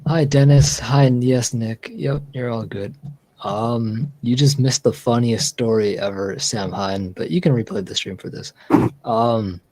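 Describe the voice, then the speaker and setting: A man chats casually on a live stream, telling a long, rambling story with lots of fillers and restarts. His medium-pitched voice has a darkish tone and a measured pace, captured in a dry, low-quality recording.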